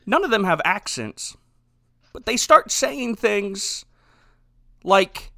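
High-pitched man, lively sarcastic movie recap, bright voice, dry sound. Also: takes it slowly, creaky, long pauses, no echo. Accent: Ohio. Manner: sarcastic, animated, laughs often. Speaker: podcast host recapping a movie. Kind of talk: comedic movie recap chat.

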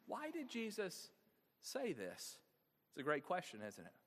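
Male pastor, high-pitched and animated, asks the room questions; big church reverb. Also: measured pace. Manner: engaging, asks the congregation frequent rhetorical questions. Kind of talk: sermon.

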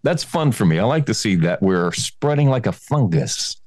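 A man's voice: on the low side, normal speed, no room sound. A man co-hosting a comedy podcast, chatting casually and laughing often. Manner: jokey, laughs often, animated. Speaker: podcast co-host.

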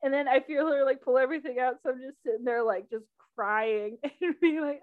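Young woman, podcast host, fairly high voice, animated casual storyteller who laughs often and plays out every quote. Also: brisk, phone-quality sound.

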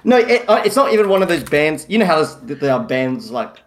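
A man co-hosting a podcast, rambling in casual chat with halting restarts and trailing off quietly. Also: fairly high pitch, sing-song. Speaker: podcast co-host.

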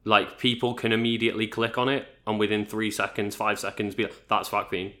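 Easygoing young man, bright tone. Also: on the low side, level tone, a little fast. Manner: easygoing, laughs often, many backchannels. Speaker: interviewer. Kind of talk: casual podcast chat.

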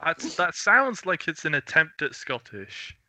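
A man co-hosting a podcast, chatting casually and teasing his co-host with deadpan jokes. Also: fairly high pitch, unhurried, dry recording. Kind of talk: casual chat.

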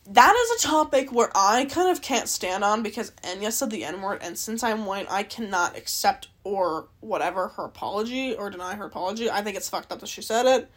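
A young adult woman hosts a podcast on her own, sounding dry-mouthed and out of breath. Her medium-pitched voice is animated and a little fast with few pauses as she rambles casually, interrupts herself, and swears freely.

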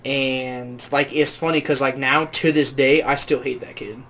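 A man's voice: mid-range voice, fairly even intonation, normal speed, fairly bright tone. A young man co-hosting a podcast. He rambles casually and fills his sentences with "like". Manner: rambling, heavy use of "like". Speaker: podcast co-host. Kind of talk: casual chat.

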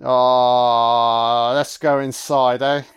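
A man's voice: mid-range voice, unhurried, smooth. A man giving a casual, profane and sarcastic film commentary as host.

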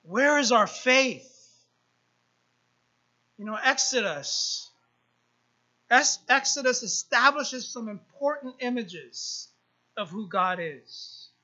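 Woman pastor preaching, high bright voice, slow and repetitive, dull lo-fi recording. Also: expressive. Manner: repetitive preaching with rising emphasis and asides to the congregation. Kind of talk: sermon.

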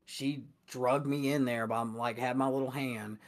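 A young man co-hosting a casual podcast, telling stories in an animated way and swearing a lot. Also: medium pitch, measured pace. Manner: animated storyteller, heavy swearing. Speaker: podcast co-host.

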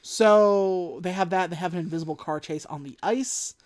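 A woman's voice: lowish voice, normal speed, darkish tone. A woman co-hosting a casual podcast, recapping a movie and acting out its lines in mock voices. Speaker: podcast co-host.

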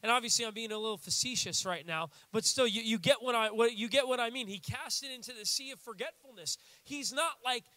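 A young American man preaching a sermon in a casual, animated way, acting out little quotes as he goes. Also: very high voice, brisk, hardly any pauses, no room sound. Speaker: pastor.

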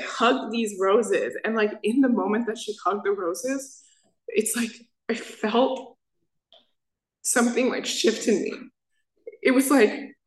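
A woman's voice: on the high side, roomy sound, rough recording. A woman in her twenties giving a personal recovery share as main speaker, rambling and packing her talk with "like" fillers. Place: meeting room.

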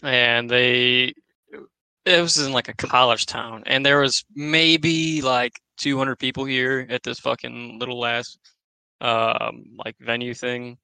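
Gravelly, flat-toned man in laid-back chat. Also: mid-range voice, slow, dry recording, rough recording. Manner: laid-back, profane, laughs along. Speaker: podcast co-host. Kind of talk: casual chat.

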